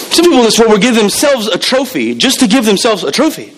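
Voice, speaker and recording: High-voiced, lively male preacher. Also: fast, few pauses, slight background noise, low-quality recording. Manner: emphatic, repeats key words, acts out quoted voices. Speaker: pastor. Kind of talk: sermon.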